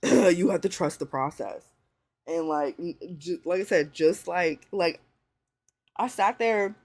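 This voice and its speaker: A thirty-year-old woman chatting casually to viewers and giving advice, blunt and full of swearing, with lots of "like" and "you know". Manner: swings into high excited pitch when riled up. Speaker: vlogger.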